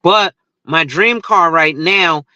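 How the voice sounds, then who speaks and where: A man's voice: a little high, takes it slowly, sharp tone, dry recording, muffled recording. A man who talks insurance on social media, ranting in a casual, profane and rambling way and laughing at his own stories. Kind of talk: casual rant to camera.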